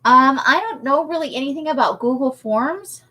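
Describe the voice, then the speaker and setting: A woman's voice: high voice, moderate pace, bright, forceful tone. A woman chatting casually on a craft livestream, laughing often as she answers viewer comments. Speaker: livestream host.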